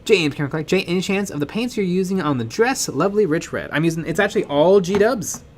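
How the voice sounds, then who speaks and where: A man's voice: high voice, quick pace, a little hiss or hum. A man co-hosting a live miniature painting stream, chatting casually, reading viewer comments and laughing often. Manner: excitable, laughs often, trails off.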